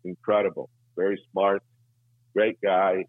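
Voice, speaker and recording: A low-voiced man from Italy pours out praise for his host. His voice comes through a tinny, phone-like line with a completely dry sound. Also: flat delivery, a little slow, dry recording. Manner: effusive, full of heartfelt praise. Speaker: guest. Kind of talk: casual interview chat.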